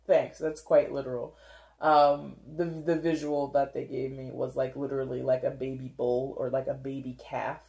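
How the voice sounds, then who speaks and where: A woman's voice: extremely low pitch, gravelly, dark tone. A woman giving a casual tarot reading, rambling and chatty, with many fillers and frequent giggles. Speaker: tarot reader.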